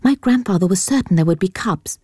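A woman voicing a young, well-bred girl who is eager and quick to take offence, in a high girlish tone. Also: expressive, warm tone, breathy edge, no room sound, clean studio sound. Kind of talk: audiobook character voice.

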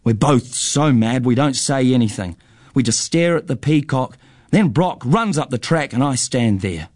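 Storyteller man, measured delivery, mid-pitched voice, very dry close recording. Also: animated, a little mellow, dry recording. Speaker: narrator. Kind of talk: storybook narration.

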